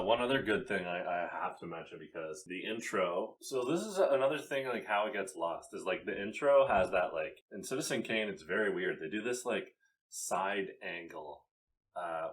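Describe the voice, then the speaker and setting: Man, podcast co-host, deep voice with swooping animated delivery, chatty and laughing. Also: normal speed. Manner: animated, laughs a lot, trails off mid-thought. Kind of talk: casual movie review chat.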